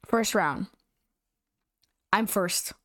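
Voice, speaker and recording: A young woman telling a story in casual, animated chat, slangy and giggly with lots of "like". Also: mid-range voice, extremely slow, no echo, studio quality.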